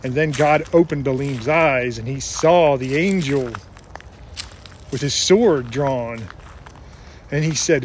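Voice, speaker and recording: A man's voice: mid-range voice, takes it slowly, long pauses, slight background noise. A man giving an earnest, casual religious talk, retelling Bible stories with frequent restarts. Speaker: religious speaker.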